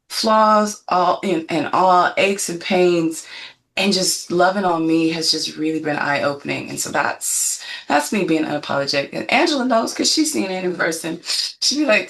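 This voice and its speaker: A woman's voice: lowish voice, unhurried, fairly bright tone. A woman in her fifties, a guest on a panel chat, telling stories in an emphatic, self-assured way. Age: 50s.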